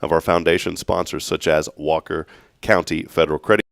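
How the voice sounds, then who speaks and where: A man's voice: extremely low pitch, fairly even intonation, a little fast, creaky, no room sound, clean studio sound. A man hosting a local morning talk show, chatting and joking with a guest. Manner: jokey, upbeat sign-offs. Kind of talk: casual chat.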